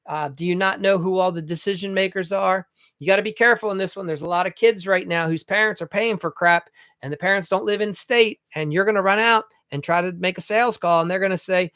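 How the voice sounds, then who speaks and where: A man's voice: high-pitched, a little fast, a bit bright, no room sound, studio quality. A man coaching remodelers in a blunt, folksy monologue, acting out short back-and-forth dialogues.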